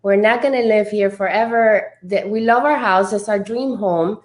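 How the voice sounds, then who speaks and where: A woman talking as a guest in a motivational chat, laughing often and filling pauses with restarts. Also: medium pitch. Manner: slow, laughing, many fillers and restarts. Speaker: guest speaker.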